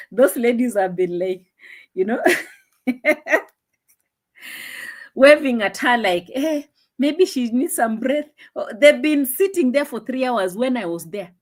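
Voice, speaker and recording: A young woman hosting a casual live stream, chatting and laughing, dropping into low asides, on a phone mic. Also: animated, slow pace, pauses often.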